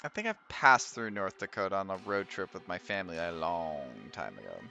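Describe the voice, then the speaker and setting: Streaming a game, a young Midwestern man talks casually with his viewers, frequently laughing and trailing off while reading. His low voice swings hugely in pitch, brisk, creaky, pushed and bright, over lo-fi sound with faint background music.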